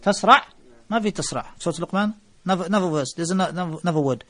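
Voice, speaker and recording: High-voiced male preacher. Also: very fast, no room sound. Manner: mixes Arabic phrases into English, animated storytelling. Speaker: Islamic preacher. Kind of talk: lecture to a gathering.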